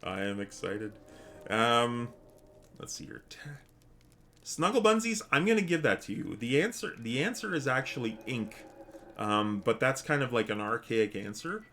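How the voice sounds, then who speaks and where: A man's voice: medium pitch, very animated, moderate pace, sharp tone, slight background noise. A man streaming a game, chatting casually with viewers in a rambling, hesitant way with many restarts. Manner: chatty with viewers, reads chat aloud. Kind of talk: casual live-stream chat.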